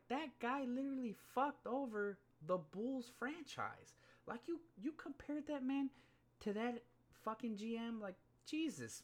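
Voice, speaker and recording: A man's voice: fairly high pitch, a bit bright. A man giving a casual, profane, rambling rant about sports, full of fillers and heated outbursts. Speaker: sports podcaster.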